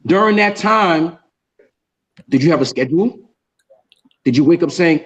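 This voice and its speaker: Man, livestream panelist, emphatic, slightly higher voice, muffled lo-fi audio. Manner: emphatic, repeats key phrases, slows down to stress sayings. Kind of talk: casual livestream chat. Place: in a jungle. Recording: dull lo-fi sound.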